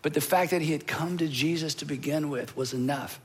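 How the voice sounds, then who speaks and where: A man preaching a sermon in an earnest, emotional way, with dramatic pauses and repeated phrases. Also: fairly high pitch, breathy edge. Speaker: pastor.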